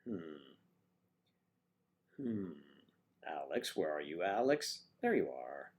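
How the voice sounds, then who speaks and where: Reading out the chat, a livestream host rambles casually and addresses viewers by name. He speaks slowly in a deep, very animated voice.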